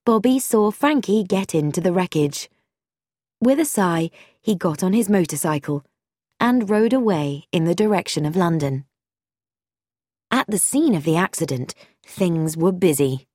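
Slow, measured woman narrator. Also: fairly low pitch, animated, a little mellow, no echo, studio quality. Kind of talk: storybook reading.

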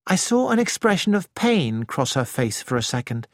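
A narrator reading an audiobook in a calm, measured, expressive manner. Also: medium pitch, dry recording, studio quality.

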